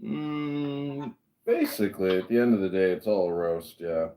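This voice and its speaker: A man hosting a casual livestream chat, dry and mocking, rambling and often clearing his throat. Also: fairly low pitch, sing-song, moderate pace, dark tone. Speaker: podcast host.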